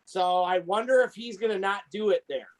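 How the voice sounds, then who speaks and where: A man's voice: high-pitched, moderate pace, rough recording. A man co-hosting a podcast, telling rambling stories in casual chat with many restarts. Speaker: podcast co-host.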